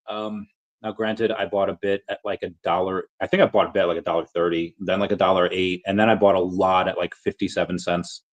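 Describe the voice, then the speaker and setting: A man's voice: deep voice, level tone, normal speed, muffled recording. A man hosting a podcast, rambling through a casual market update, often correcting himself mid-sentence. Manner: rambling, self-correcting, upbeat. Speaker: podcast host.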